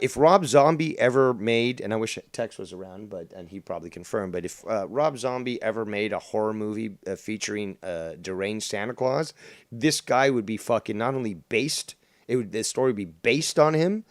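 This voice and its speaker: A man's voice: fairly low pitch, lively intonation, normal speed, no echo, studio quality. A man hosting a casual online show, sarcastic and profane, joking about the people he discusses. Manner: profane, sarcastic, laughs at insults. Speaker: host. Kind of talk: casual crude drama chat.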